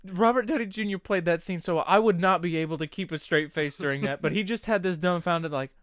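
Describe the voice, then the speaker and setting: Smooth-voiced man in casual chat. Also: sits high, quick pace, fairly bright tone, no echo, studio quality. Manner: laughs often, acts out movie lines. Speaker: podcast co-host.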